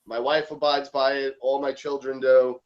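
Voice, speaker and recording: A man with a New York accent, a podcast guest telling stories in an animated, emphatic way. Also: medium pitch, moderate pace, muffled recording. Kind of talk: casual podcast chat.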